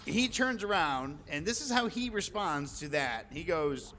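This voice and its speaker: Bright-voiced man telling a story. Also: on the high side, animated, unhurried. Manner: chatty, swears freely, acts out quoted lines. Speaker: live streamer. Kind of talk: casual storytelling. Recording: long reverb, faint background noise.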